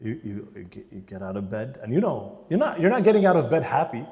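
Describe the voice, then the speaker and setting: Animated man lecturing in an echoing hall. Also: mid-range voice, fast talker. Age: adult parent. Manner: animated, acts out quotes, swings between loud and hushed. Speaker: lecturer at a church marriage enrichment day. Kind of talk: church lecture to couples. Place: church hall. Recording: long reverb in a large hall.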